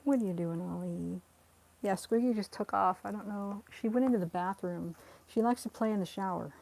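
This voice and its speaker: A woman's voice: normal speed, creaky, darkish tone. A young woman chatting casually on a live stream at home while her rescue cats play, laughing often and cooing at the cats. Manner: giggly, chatty, talks to the cats in a high coaxing voice. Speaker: cat rescue livestreamer.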